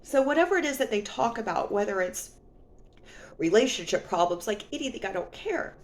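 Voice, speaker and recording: A woman's voice: medium pitch, big pitch swings, fairly quick. A woman telling a personal story in a casual vlog, rambling and full of "you know", sniffly and near tears. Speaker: vlogger.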